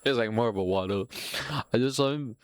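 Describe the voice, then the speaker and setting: A young man rambles through a crude story for his podcast, swearing freely and breaking into laughter. His voice sits at a medium pitch. It is recorded dry and close with no room sound. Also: fairly quick, smooth, no echo. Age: young adult. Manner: laughing often, profane, rambling with restarts. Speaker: podcast host. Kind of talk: casual storytelling monologue.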